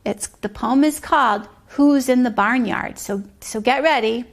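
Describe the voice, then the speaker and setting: Woman, preschool teacher, high voice, slow sing-song delivery, gravelly edge, circle time. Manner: slow, sing-song, drops to whispers for guessing games.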